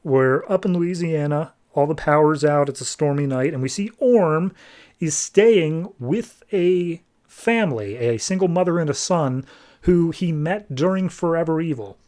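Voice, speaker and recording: A man's voice: fairly high pitch, a little slow, darkish tone. A man hosting a podcast, recapping a comic book in a chatty, rambling way with fillers. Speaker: podcast host.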